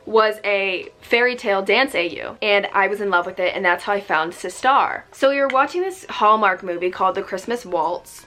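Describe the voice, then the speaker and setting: A woman's voice: mid-range voice, fairly bright tone. A young woman chatting casually while doing her makeup, rambling through a story with lots of fillers. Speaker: beauty vlogger. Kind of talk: casual get-ready-with-me chat.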